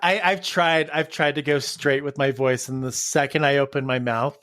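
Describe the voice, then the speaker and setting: A man's voice: medium pitch, steady tone, moderate pace, fairly bright tone, no room sound. A man talking as a podcast guest in casual chat, laughing often as he tells stories. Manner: giggly, chatty, storytelling. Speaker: interview guest.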